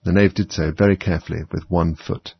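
Low, gravelly man reading a storybook. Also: a little fast, dry recording. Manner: animated, dramatic reading. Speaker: narrator. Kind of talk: storybook read-aloud. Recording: dull lo-fi recording.

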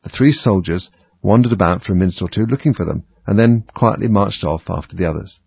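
A man narrating a storybook aloud in an animated, dramatic way. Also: lowish voice, brisk, gravelly, slightly rough, no room sound. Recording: dull lo-fi recording.

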